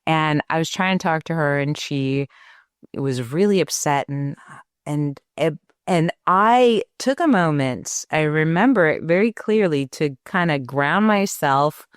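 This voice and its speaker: A middle-aged woman speaks in a notably low voice at an unhurried, deliberate pace. She is co-hosting a relaxed parenting conversation, reflective in tone, and she sometimes acts out quoted lines in livelier voices. The sound is close and dry. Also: clear, resonant tone, no room sound. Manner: reflective, tells stories with animated quoted voices. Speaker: podcast co-host.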